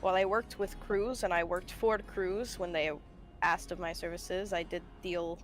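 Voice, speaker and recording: A woman's voice: on the low side, steady tone, moderate pace, faint music behind. Dry, sarcastic woman role-playing. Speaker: player. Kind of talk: in-character tabletop role-play.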